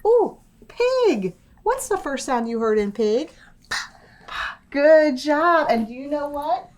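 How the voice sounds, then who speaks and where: A young woman leading a small group of children through a phonics lesson. Her voice is fairly high and very lively, and she stretches each sound out slowly and patiently. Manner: slow, sing-song, encouraging teacher voice, stretches sounds. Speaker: preschool teacher.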